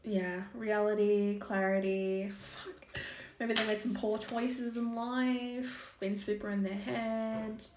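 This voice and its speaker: A woman's voice: medium pitch, little pitch movement, takes it slowly, darkish tone, recorded from a distance, a little hiss or hum. A young woman giving a casual tarot reading, thinking aloud in a loose, chatty way, with lots of likes and ums and the odd swear word. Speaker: tarot reader. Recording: echoey room.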